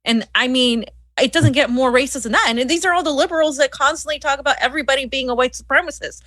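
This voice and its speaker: A woman's voice: high-pitched, fast, fairly bright tone, no echo. A woman co-hosting a political talk show, speaking in a heated, scornful way with frequent restarts. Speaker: co-host. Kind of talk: political commentary chat.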